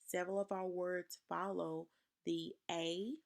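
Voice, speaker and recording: Slow, gravelly woman teaching spelling. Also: fairly low pitch, flat delivery. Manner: slow, careful, over-enunciated dictation. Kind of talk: spelling lesson for children.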